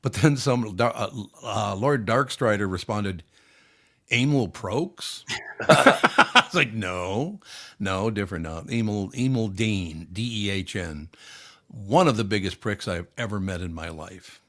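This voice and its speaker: A man's voice: on the low side, lively intonation, slow, a bit bright. An older man hosting a podcast, telling blunt, profane anecdotes in casual chat. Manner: blunt, swears freely, tells anecdotes. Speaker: podcast host.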